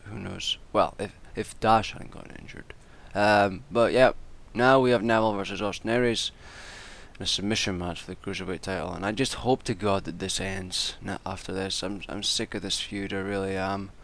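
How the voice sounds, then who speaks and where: Gravelly man ranting casually. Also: deep voice, steady tone, moderate pace, fairly bright tone. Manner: exasperated, swears freely, rambling with restarts. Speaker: wrestling commentator and vlogger.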